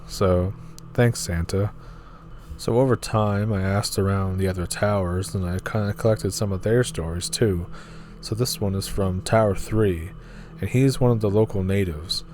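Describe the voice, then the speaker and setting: A man's voice: fairly low pitch, darkish tone, slight background noise. A man reading scary forum stories aloud in a casual, offhand way, with asides of his own.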